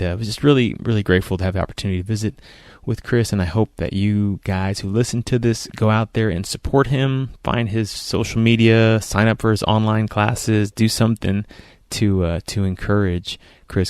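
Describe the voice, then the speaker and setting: A man's voice: fairly low pitch, steady tone, moderate pace, few pauses, a little mellow, clean tone, no echo, clean studio sound. A man hosting a podcast interview, chatty and upbeat, often restarting his sentences. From United States. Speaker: podcast host. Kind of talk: casual interview chat.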